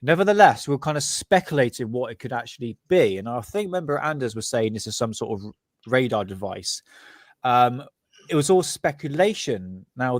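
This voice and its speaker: A man's voice: mid-range voice, dry recording. A man from Bristol with a Bristolian accent, hosting a casual podcast chat, rambling and laughing often. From Bristol, England. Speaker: podcast host.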